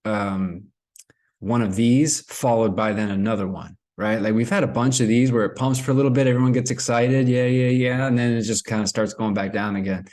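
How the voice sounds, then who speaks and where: A man talks casually to camera and rambles through his explanations. His voice sits at an ordinary pitch for a man, and he keeps an easygoing, unscripted flow. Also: steady tone, a little fast, darkish tone. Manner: rambling, with many fillers and restarts. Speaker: crypto vlogger.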